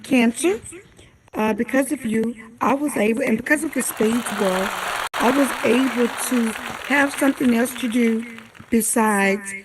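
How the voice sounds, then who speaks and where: A woman's voice: a little high, background noise. A woman giving earnest, encouraging thanks as a coach in the community.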